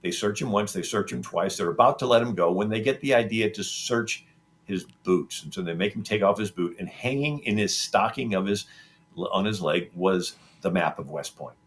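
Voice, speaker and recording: Lower-voiced man telling history stories. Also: moderate pace, a little hiss or hum. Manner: rambling retelling with frequent ums and restarts. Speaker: historian guest. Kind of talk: conversational storytelling.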